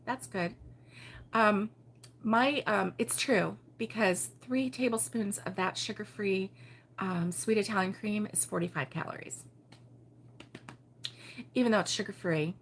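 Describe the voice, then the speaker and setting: A woman from Baltimore hosting a relaxed morning livestream, chatting and giggling as she reads viewer comments aloud. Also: medium pitch, a little slow, long pauses, slight background noise. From Baltimore, USA. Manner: chatty and giggly, with frequent fillers and laughs. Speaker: host of a crochet livestream. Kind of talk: casual morning chat reading viewer comments.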